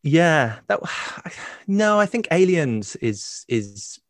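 A man co-hosting a podcast from home, introducing the topic in a hesitant way with many pauses and restarts and some dry humor. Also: a little high, big pitch swings, no echo. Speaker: podcast co-host. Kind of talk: casual podcast discussion. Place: home in London.

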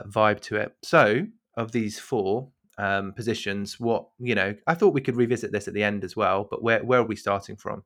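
A man co-hosts a casual discussion podcast with a somewhat low voice. He talks in a wry, hesitant way, leaning on fillers as he lays out his ideas. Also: a bit bright. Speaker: podcast co-host.

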